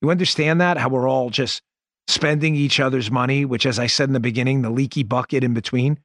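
A man hosting a political commentary show, talking in an animated, sarcastic and emphatic way. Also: mid-range voice, fairly quick, no echo, studio quality. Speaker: podcast and radio host.

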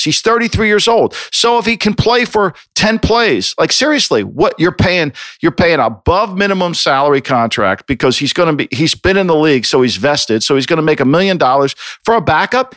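A man's voice: on the high side, fairly bright tone, no room sound, studio quality. A man co-hosting a sports podcast, ranting with exasperation and swearing freely. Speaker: podcast co-host. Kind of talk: heated sports opinion talk.

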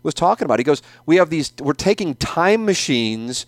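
Middle-aged man, podcast host. Fairly high voice that swings widely in pitch. Profane, emphatic rant delivery. Dry, close mic. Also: normal speed, dry recording. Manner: profane, animated, repeats himself for emphasis. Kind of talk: opinionated casual rant.

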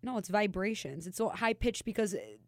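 A woman's voice: mid-range voice, sing-song, normal speed, no echo. A woman co-hosting a casual hockey podcast, mock-confident and teasing, on a studio mic. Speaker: podcast co-host.

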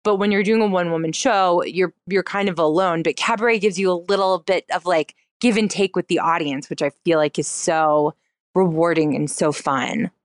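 A woman's voice: steady tone, moderate pace, no room sound, studio quality. A woman in her thirties, a comedian and cabaret performer, talking casually as an interview guest, full of "like" and acted-out quotes. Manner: chatty, many "like" fillers, acts out quotes in a higher voice.

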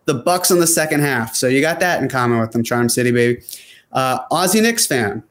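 A man's voice: medium pitch, expressive, fairly quick, fairly bright tone. A man hosting a casual sports talk show, reading viewer comments in a loose, chatty way with many fillers and restarts. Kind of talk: casual chat.

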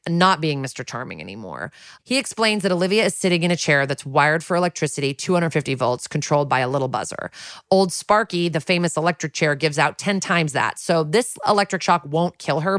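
Podcast co-host, female, deep register, close dry mic, storyteller who acts out the dialogue. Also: brisk, no room sound. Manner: animated retelling, acting out quotes, wry asides. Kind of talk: casual recap storytelling.

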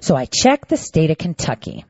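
Indignant woman telling a story, animated. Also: low voice, moderate pace, husky, dry recording, muffled recording. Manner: animated, indignant, acts out both sides of conversations. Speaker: storyteller recounting a voting dispute. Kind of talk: casual monologue to viewers.

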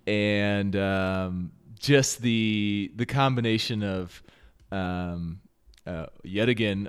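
His voice is on the low side and smooth. As a podcast co-host, the man keeps things casual, drifting a little and leaning on fillers.

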